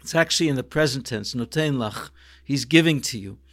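A man's voice: medium pitch, a little fast, a bit bright. A man in his sixties, a rabbi, telling a personal family story reflectively in an interview, restarting sentences and quoting Hebrew phrases.

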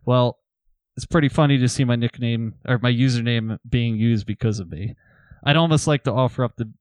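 A man's voice: mid-range voice, no echo. A man casually retelling a story to friends on a podcast, reading old messages aloud. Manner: relaxed storyteller, reads messages aloud with laughs.

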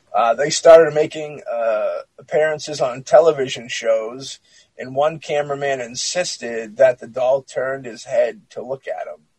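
Dude with a husky voice reading a creepy story then riffing on it, swears a lot, dry close sound. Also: male voice, mid-range voice, darkish tone, no room sound, low-quality recording. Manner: blunt and joking, swears freely. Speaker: podcast co-host. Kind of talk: casual chat, reading a story aloud.

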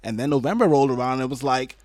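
An American man chatting casually, animated and slangy, swearing and laughing. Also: medium pitch, racing, dry recording. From United States. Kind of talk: casual political chat.

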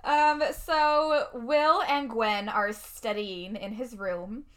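A woman's voice: a little high, fairly even intonation, a loud crowd. A young woman in casual chat, co-hosting and recapping a film plot, laughing often and using lots of fillers. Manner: laughs often, quick reactions, many fillers. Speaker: podcast co-host recapping a film.

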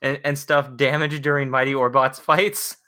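A man's voice: medium pitch, flat delivery, moderate pace, bright, forceful tone. A man hosting a casual podcast chat about a cartoon, asking the others questions and joking. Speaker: podcast host.

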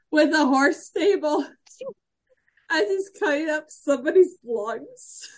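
A woman co-hosting a casual fan podcast, excitable and full of restarts, laughing as she talks. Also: high voice, slow. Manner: excited, restarts often, laughs while talking. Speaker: podcast co-host.

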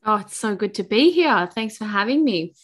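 A woman guest with an Australian accent, talking in an animated, chatty way with many restarts. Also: medium pitch, moderate pace. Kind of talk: podcast interview.

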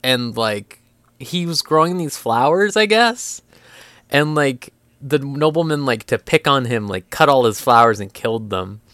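A man's voice: medium pitch, animated, a little slow, a bit bright, dry recording. A young man on a podcast, chatting casually and incredulously, with lots of filler words and swearing. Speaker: podcast co-host. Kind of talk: casual chat.

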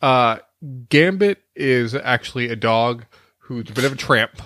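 A man with a mid-pitched voice co-hosting a podcast, recorded close on a podcast mic in a dry room with no echo. He rambles and hesitates, filling his sentences with "uh" and "like.". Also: animated, measured pace, bright, forceful tone. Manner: rambling, hesitant, lots of fillers. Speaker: podcast co-host. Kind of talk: casual chat.

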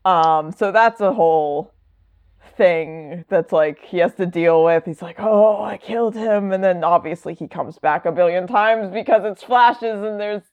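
A woman's voice: on the low side, measured pace, darkish tone, smooth, no echo, highs cut off. A woman chatting casually, rambling with lots of fillers and wry asides. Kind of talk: casual chat.

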